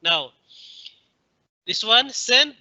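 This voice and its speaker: A male instructor giving a screen-recorded software tutorial, explaining step by step with frequent fillers and addressing viewers as friends. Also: very high-pitched, animated, extremely slow, no echo, muffled recording.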